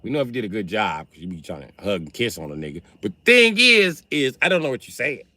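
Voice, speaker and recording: A man ranting on a livestream in a loose, profane, storytelling way. His voice sits fairly low but swings widely in pitch. The tone is bright and forceful. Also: big pitch swings, quick pace, dry recording. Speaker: livestream host. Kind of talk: casual livestream rant.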